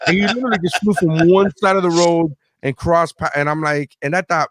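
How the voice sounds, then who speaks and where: A young man co-hosting a podcast, telling stories in an excitable, profane, casual way. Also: a little high, brisk, slight background noise. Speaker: podcast co-host. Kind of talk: casual chat.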